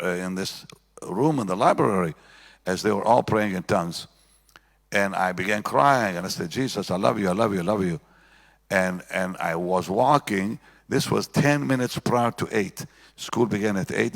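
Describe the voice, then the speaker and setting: A man's voice: low-pitched, gravelly. An older man, a pastor, telling his personal testimony in conversation, with repeated phrases and restarts as he tells the story. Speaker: pastor, guest answering questions. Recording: long hall reverb.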